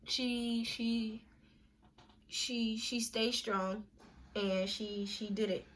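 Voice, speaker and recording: A woman's voice: on the high side, fairly even intonation, extremely slow, a bit bright. A young woman telling a personal story on a casual vlog, candid and emphatic, with slang and restarts when emotional. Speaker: vlogger.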